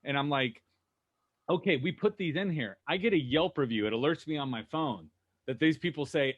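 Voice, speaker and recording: A man co-hosting a podcast, telling lively anecdotes and acting out what people said. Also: on the high side, moderate pace, dull audio. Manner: animated anecdotes, acting out quotes. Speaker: co-host. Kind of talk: casual podcast storytelling.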